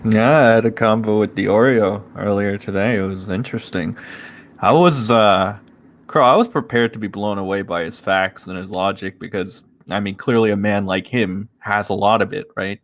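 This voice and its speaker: A man's voice: fairly low pitch, normal speed. A man co-hosting a casual commentary chat, talking with dry sarcasm. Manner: sarcastic, deadpan teasing. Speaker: co-host.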